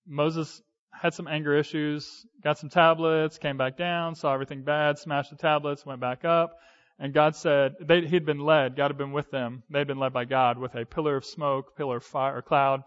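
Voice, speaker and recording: Man, 30s, pastor, conversational sermon, halting fillers, slightly high voice, muffled lo-fi recording. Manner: conversational, with hesitant fillers and restarts. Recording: dull lo-fi sound.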